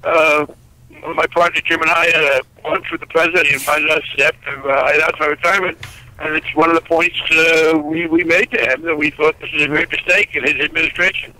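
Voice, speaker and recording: A man's voice: on the high side, fairly even intonation, a little fast, pushed and bright, poor audio. A man in his seventies, a congressman being interviewed over the phone, blunt and wry, with emphatic restarts. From United States.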